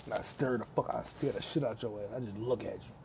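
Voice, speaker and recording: A man's voice: lowish voice, quick pace, creaky, noisy background. A man hosting a crude solo podcast from his home kitchen, rambling, swearing constantly and laughing at his own jokes. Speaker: podcast host.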